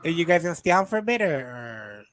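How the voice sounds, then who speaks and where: A woman's voice: fairly low pitch, fast talker. A woman chatting playfully as a guest on a casual podcast. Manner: playful, joking, lively. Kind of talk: casual chat.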